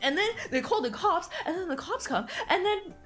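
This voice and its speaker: A woman streamer chatting casually, animated and giggly, who swears freely as she retells a story. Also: very high voice, normal speed, faint music behind. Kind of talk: casual chat.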